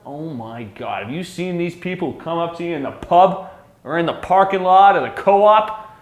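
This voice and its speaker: A Canadian man hosting a pub talk show, blunt and crude, swearing freely and getting loud in heated rants. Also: fairly high pitch, lively intonation, normal speed. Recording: echoey pub room.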